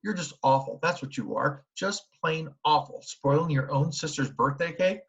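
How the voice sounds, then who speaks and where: A man voicing an upset schoolgirl big sister, high and loud in a dull lo-fi recording. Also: moderate pace, gravelly. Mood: angry, tearful.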